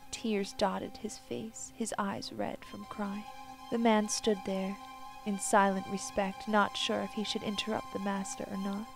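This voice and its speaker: A woman narrates a sad story in a hushed, sorrowful voice that often sinks into a whisper. Her tone is gravelly and stays flat in pitch. Music plays clearly beneath her. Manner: slow, hushed, sorrowful delivery. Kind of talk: dramatic story reading. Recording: music playing behind.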